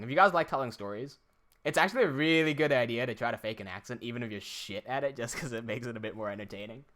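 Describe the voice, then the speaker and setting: A man's voice: medium pitch, bright, forceful tone. A young man, chatting casually and profanely on a live stream, often laughing.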